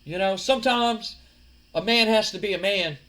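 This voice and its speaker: A man's voice: sits high, moderate pace, pushed and bright. A man voicing a blunt, macho male wrestler. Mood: gruff. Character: gruff tough male wrestler.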